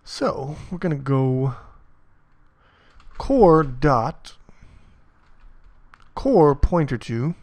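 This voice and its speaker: A man walks through a coding tutorial at an unhurried, drawn-out pace, his voice gravelly and a touch higher than most men's. He mutters while typing, curses at his mistakes and jokes at his own expense, recorded close and dry with no room sound. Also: big pitch swings, a little mellow, no echo. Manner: swears often, mutters while typing, self-mocking. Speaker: programming tutor.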